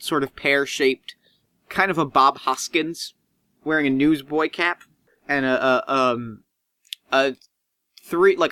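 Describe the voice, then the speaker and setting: A man narrating a tabletop game as game master, animated and swinging in pitch as he describes scenes. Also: smooth, no room sound.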